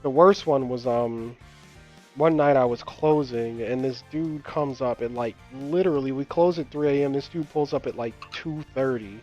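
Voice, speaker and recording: A man's voice: mid-range voice, normal speed, a little mellow. A young man chatting casually while gaming, rambling through stories with frequent laughs and casual swearing. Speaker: gamer and channel host. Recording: dull lo-fi voice chat with game music. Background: game music.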